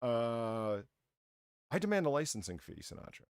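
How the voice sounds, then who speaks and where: Lively, laughing man hosting online. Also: medium pitch, normal speed, smooth, no echo, clean studio sound. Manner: rambling, laughs through his own stories, swears. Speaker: game show host of an online comedy show. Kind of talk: casual comedic chat.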